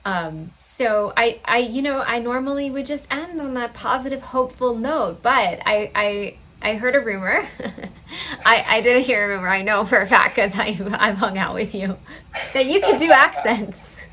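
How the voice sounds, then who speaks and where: A woman's voice: on the high side, sharp tone, poor audio. Upbeat woman podcast host. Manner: upbeat, chatty, quick to laugh. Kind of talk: casual interview.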